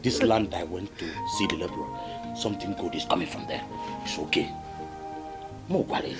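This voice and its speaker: An actor with a Nigerian accent playing a tired husband and brother who keeps pleading for calm and repeats himself. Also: male voice, deep voice, normal speed, close to an everyday voice. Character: weary peacemaking husband and brother. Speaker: brother trying to settle a family quarrel. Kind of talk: Nollywood family drama acting. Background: background music.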